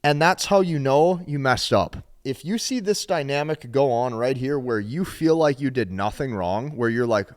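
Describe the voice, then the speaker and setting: A man's voice: mid-range voice, expressive, normal speed, few pauses, clean tone. A man giving dating advice straight to camera, emphatic and repetitive, often checking in with "okay?". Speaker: dating coach. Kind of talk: direct-to-camera advice talk.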